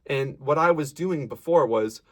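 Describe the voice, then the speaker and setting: A man's voice: medium pitch, unhurried. A man giving a casual, encouraging singing lesson, explaining technique and breaking off to demonstrate sounds and sung lines. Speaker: voice teacher.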